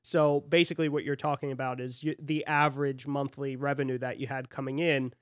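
A man's voice: mid-range voice, little pitch movement, brisk, no room sound, clean studio sound. A young man hosting a podcast interview, asking long, friendly, rambling questions. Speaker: podcast host. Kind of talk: casual interview chat.

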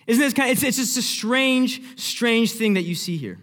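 A young man preaching a sermon, telling the story vividly and acting out the scenes, dropping from loud to hushed. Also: very high voice, expressive, moderate pace. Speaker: pastor. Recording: long hall reverb.

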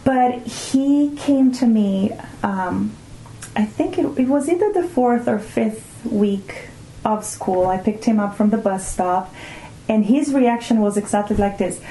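A woman's voice: medium pitch, lively intonation, a little slow, dark tone. Earnest woman in a roomy space. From Brazil. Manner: earnest, thinks aloud with restarts. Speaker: guest, mother of two teenagers. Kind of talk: reflective conversational interview. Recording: roomy echoing room.

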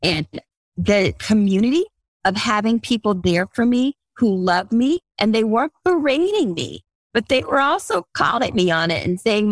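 A woman's voice: mid-range voice, no room sound. Middle-aged woman coach, soothing and dry. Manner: soothing, slow guided-breathing delivery; earnest, animated storytelling. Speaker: guest life coach. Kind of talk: podcast interview conversation.

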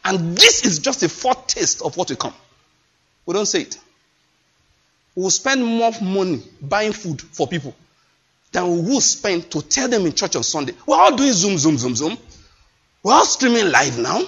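A man preaches with fervor, his voice high and swinging widely in pitch. He leans on his points and repeats phrases for emphasis, with a husky edge. The recording is dull and lo-fi. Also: very animated, moderate pace, pauses often, fairly bright tone. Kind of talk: sermon.

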